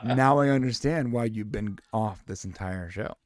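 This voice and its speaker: A man's voice: on the low side, normal speed, dry recording, studio quality. A man co-hosting a casual podcast chat, playful and rambling, laughing often. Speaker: podcast co-host.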